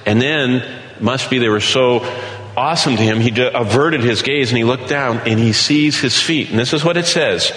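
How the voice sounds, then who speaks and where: A middle-aged man preaching a Bible sermon, animated, asking questions and then answering them himself. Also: medium pitch, moderate pace. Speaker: Bible teacher. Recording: echoey hall with long reverb.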